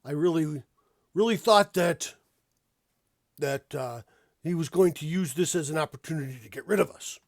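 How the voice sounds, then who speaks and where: Man doing a gruff deep gnome leader, halting, gravelly, slightly high. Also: no echo, studio quality, lightly acted. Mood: wary. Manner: hesitant, halting speech.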